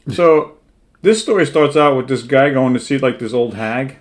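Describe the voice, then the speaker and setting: A man's voice: medium pitch, moderate pace, a little hiss or hum. A man co-hosting a show, retelling comic book plots in a rambling, casual way that is full of "like" and "right?". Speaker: co-host.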